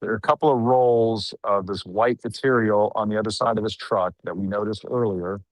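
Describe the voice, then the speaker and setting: Middle-aged guy doing a live stand-up report outside late at night, lowish voice, dry close sound, chatty and wry. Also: steady tone, fairly quick, no echo, low-quality recording. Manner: conversational, wry asides, frequent fillers. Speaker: news show host reporting live. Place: outdoors at night among a crowd.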